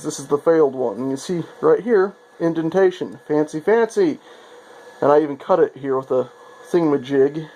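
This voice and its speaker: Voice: mid-range voice, mellow, low-quality recording. A maker vlogger chatting casually and playfully in a workshop, showing off projects with self-mocking asides. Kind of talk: casual show-and-tell vlog.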